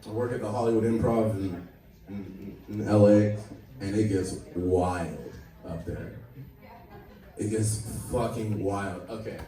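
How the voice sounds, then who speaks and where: A man's voice: lowish voice, unhurried. A man doing stand-up, telling a wild profane story and acting out shrieking characters. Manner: animated, loud, profane, acts out shrieking characters. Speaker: stand-up comedian. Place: comedy club stage. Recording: roomy club from a distance with crowd. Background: audience laughter.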